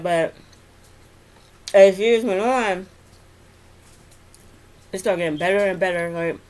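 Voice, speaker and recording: A woman's voice: on the low side, a bit bright. A young adult woman, a nurse, telling work stories in a casual, rambling vlog with many fillers and laughs. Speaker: vlogger, nurse.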